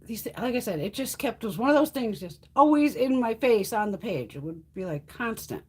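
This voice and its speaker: A woman's voice: on the high side, animated, brisk, husky. A woman hosting a casual makeup livestream from home, chatty and salty, swearing freely and cooing at her cats. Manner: coos in baby talk at her cats. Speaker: beauty livestream host.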